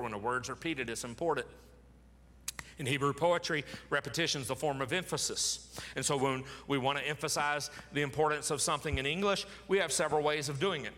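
A pastor preaching an emphatic sermon, repeating key words for stress. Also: male voice, medium pitch, pushed and bright, in a large hall.

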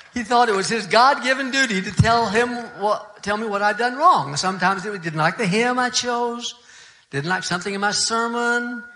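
Older male pastor, folksy sermon storyteller, bright, slightly high voice.

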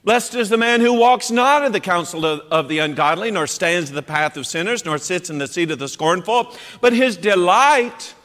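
A man preaching a sermon in an animated, emphatic way, acting out quoted voices as he goes. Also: sits high, moderate pace, few pauses. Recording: long hall reverb.

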